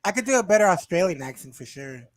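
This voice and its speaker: A woman's voice: on the low side, fast. A woman chatting playfully as a guest on a casual podcast. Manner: playful, joking, lively. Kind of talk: casual chat.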